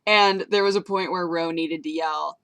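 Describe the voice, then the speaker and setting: A woman's voice: lowish voice, fairly even intonation, normal speed, fairly bright tone, no room sound. A young woman vlogging to her viewers in a bubbly, rambling way, giggling as she tells a story. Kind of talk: casual chat to camera.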